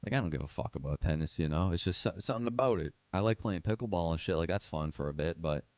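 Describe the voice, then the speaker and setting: A man's voice: low voice, animated, quick pace, a little mellow, no room sound, dull audio. A young man hosting a casual livestream, chatting in a laid-back, profane, slangy way and answering live chat comments. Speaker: livestream host.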